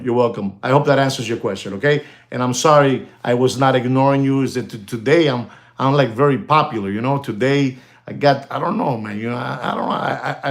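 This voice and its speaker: A middle-aged man hosting a live stream as a watch dealer. He talks straight to his viewers in an excitable, chatty way and drops in Spanish words. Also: mid-range voice, gravelly. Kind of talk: casual livestream chat with viewers.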